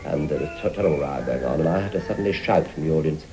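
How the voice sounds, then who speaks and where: An older man in an interview, telling an animated anecdote and acting out the voices. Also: extremely low pitch, very fast, faint music behind, poor audio. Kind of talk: anecdotal reminiscence.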